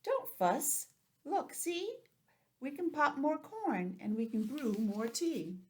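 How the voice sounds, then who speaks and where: A woman's voice: sits high, expressive, slow pace, darkish tone, a little hiss or hum, voice pushed up. A woman voicing a kind little male mouse in a picture book, coaxing and soothing. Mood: reassuring.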